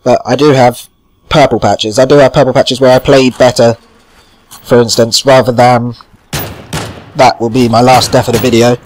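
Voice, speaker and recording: A man's voice: medium pitch, little pitch movement, normal speed, pauses often, darkish tone. Chatty man commenting on gameplay. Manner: rambling, chatty, swears casually. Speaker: gaming channel host.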